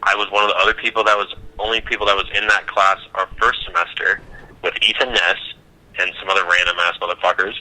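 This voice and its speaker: Young man, from Nebraska, animated storyteller, low bright voice, lo-fi phone-like sound. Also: fast talker. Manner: animated storytelling, acts out quotes, swears freely. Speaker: podcast co-host. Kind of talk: casual chat.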